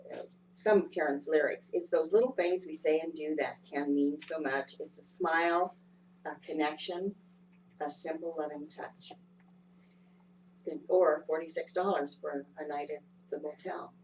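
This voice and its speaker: Low-voiced woman giving a gentle sermon. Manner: gentle, unhurried, with frequent ums. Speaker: lay speaker. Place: church sanctuary. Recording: dull distant sound with faint hum.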